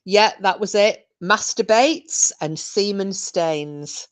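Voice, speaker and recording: A woman's voice: medium pitch, slow. A woman hosting a podcast, reminiscing in casual chat, giggly and full of fillers. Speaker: podcast host.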